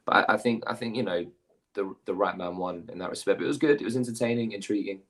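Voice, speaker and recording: A British man giving measured, hedging analysis in a casual chat. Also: fairly low pitch, fairly bright tone.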